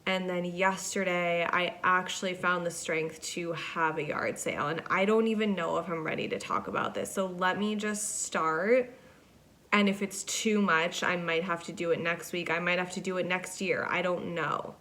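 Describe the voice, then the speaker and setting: A woman's voice: fairly low pitch, moderate pace, fairly bright tone. A young woman hosting a solo podcast, telling rambling everyday stories in a chatty way and acting out what people said. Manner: chatty and rambling, acts out quoted voices. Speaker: podcast host. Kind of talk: casual solo podcast monologue.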